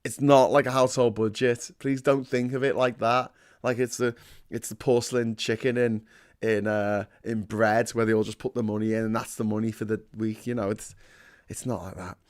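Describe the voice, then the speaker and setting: A man's voice: on the low side, flat delivery, normal speed. A man hosting a casual livestream, rambling and self-deprecating, full of fillers and restarts. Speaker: host.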